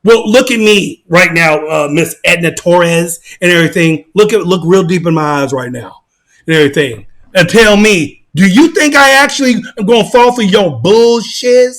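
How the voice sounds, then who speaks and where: Male commentator, casual rant, high-pitched bright voice, emphatic, repetitive. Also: animated, normal speed. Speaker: online commentator.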